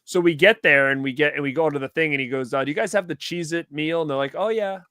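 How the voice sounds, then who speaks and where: This is a man in his thirties hosting a casual podcast conversation. His voice sits a bit high and sounds bright and forward. He tells stories with energy and acts out what people said, recorded dry and close. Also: fast, no room sound. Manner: animated storytelling, acts out quotes. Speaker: podcast host. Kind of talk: casual chat.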